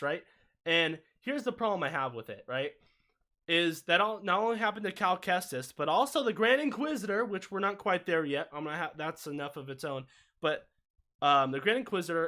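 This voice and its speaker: A man co-hosting a casual livestream discussion, talking in an animated, ranting way with quick asides. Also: a little high. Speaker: watch-party co-host.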